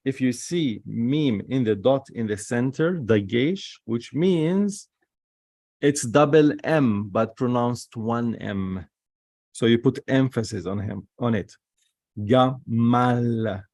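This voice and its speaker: A man, teaching the alphabet and repeating each sound slowly while he writes. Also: medium pitch, a little mellow, dry recording, clean studio sound. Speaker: Hebrew teacher. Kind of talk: slow alphabet lesson.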